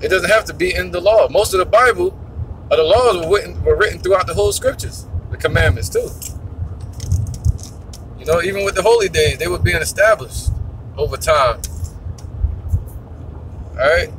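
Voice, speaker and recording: A man talks scripture in a loose, rambling way, swearing as he goes and speaking bluntly. His voice sits a little high. Faint road noise hums behind him. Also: moderate pace, pauses often, fairly bright tone. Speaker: religious teacher. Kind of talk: casual preaching monologue.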